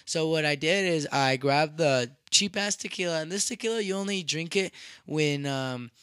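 A man's voice: a little high, moderate pace, a bit bright, clear, resonant tone, no room sound, clean studio sound. A young man in his twenties telling a rambling, profane story in casual podcast chat, dropping in Spanish phrases. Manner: rambling, profane, with frequent restarts.

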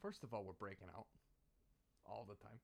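A man's voice: lowish voice, normal speed, gravelly. A man co-hosting a podcast in casual chat, blunt and cracking crude jokes.

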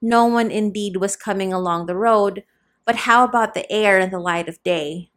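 A woman's voice: mid-range voice, moderate pace. Woman narrating a novel. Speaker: audiobook narrator.

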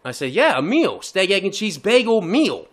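Man, podcast co-host, casual storytelling, profane, laughing, bright voice. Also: high voice, moderate pace. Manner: profane, animated, laughing through his own story. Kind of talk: casual chat, telling a story.

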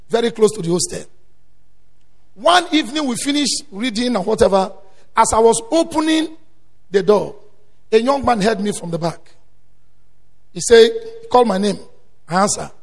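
Man, preacher, very high gravelly voice, emphatic sermon, long hall reverb. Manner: emphatic preaching, swinging from low storytelling to loud exhortation.

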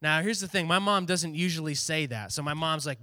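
A man preaching in a casual, story-driven way, animated and slipping into the voices of the people he quotes. His voice sits high and sounds bright and forceful. The recording is close and dry. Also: brisk, few pauses, dry recording.

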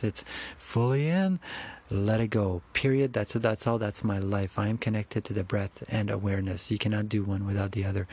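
A man's voice: on the low side, a little mellow, husky. A man giving an earnest, rambling personal spiritual monologue, often restarting his sentences.

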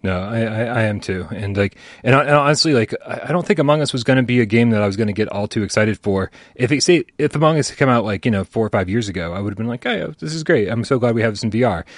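Man, podcast co-host, low voice, dry close sound, casual rambling chat. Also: animated, quick pace, hardly any pauses, no room sound. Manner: rambling, restarts, frank and wry.

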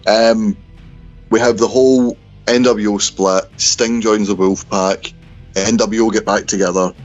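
A man's voice: fairly low pitch, steady tone, a little slow, faint music behind. A man, co-hosting a casual podcast chat and going through old events at an easy pace. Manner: laid-back, chatty, swears. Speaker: podcast co-host. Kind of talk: casual chat about wrestling history. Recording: slightly dull lo-fi audio.

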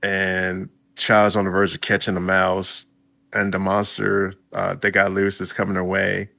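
Low gravelly man recapping casually. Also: completely flat delivery, a little slow, sharp tone. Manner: laid-back, chatty, reacts with exclamations. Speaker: video host recapping a story. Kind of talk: casual story recap with reactions.

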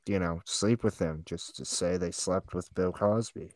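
A man's voice: low-pitched, measured pace, no echo, clean studio sound. A young man co-hosting a casual chat with friends, joking, swearing freely and laughing often. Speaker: podcast co-host.

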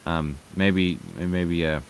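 A man with a very low voice talks his way through a video in a loose, sarcastic commentary. He hesitates constantly, restarting phrases and dropping in an occasional curse word. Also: steady tone, slow pace, a little hiss or hum. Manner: hesitant, sarcastic, swears, many fillers. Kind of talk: casual commentary.

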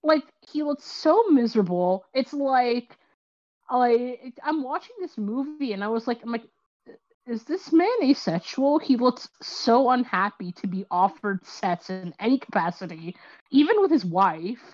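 A woman's voice: on the high side, measured pace, muffled recording. A woman hosting a casual chat about films, telling a story with lots of acted-out quotes and fillers. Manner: animated storytelling, acts out quotes, many fillers. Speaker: podcast host.

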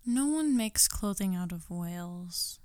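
A woman's voice: lowish voice, expressive, unhurried, a little mellow, no room sound, studio quality. A woman co-hosting a casual podcast chat, giggly and full of "like" fillers. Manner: giggly, filler-heavy, says "like" often. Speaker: podcast co-host.

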